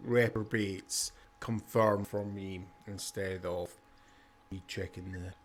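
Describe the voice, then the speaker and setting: A man running a tabletop game as game master, narrating in a relaxed, halting way. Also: sits low, a little hiss or hum.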